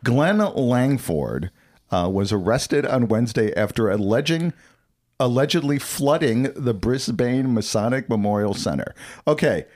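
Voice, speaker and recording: A man co-hosting a podcast in casual chat, animated and reading headlines with mock drama. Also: medium pitch, unhurried. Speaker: podcast co-host.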